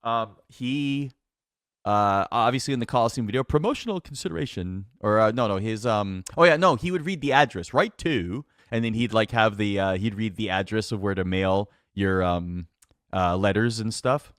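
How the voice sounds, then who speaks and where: Animated man telling wrestling stories. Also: on the low side, moderate pace, clear, resonant tone, dry recording, clean studio sound. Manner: animated, laughing, filler-heavy. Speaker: wrestling announcer, podcast guest. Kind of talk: casual storytelling chat.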